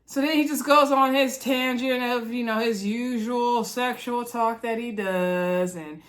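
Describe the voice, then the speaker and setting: A woman's voice: on the high side, fairly even intonation, a little slow. A young woman, chatting casually and gossiping to viewers as she recaps a reality show, often calling out to them directly. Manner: chatty, gossipy, addresses viewers as y'all, acts out quotes.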